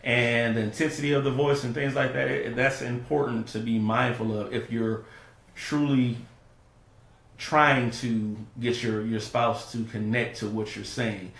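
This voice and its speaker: A man's voice: mid-range voice, steady tone, unhurried, creaky, a bit bright. A man co-hosting a casual advice talk with his wife, earnest, often restarting his sentences. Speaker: co-host, husband. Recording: echoey room.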